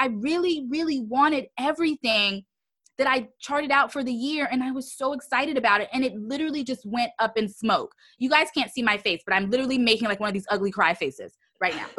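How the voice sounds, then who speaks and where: A woman in her thirties, an entrepreneur guest on a podcast interview, telling her story in an expressive, animated way. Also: high-pitched.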